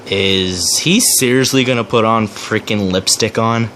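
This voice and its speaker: A young man hosting a reaction commentary, sarcastic and crude, swearing constantly and mock-shouting at the clip he is watching. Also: fairly low pitch, a little slow, slight background noise. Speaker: commentary host.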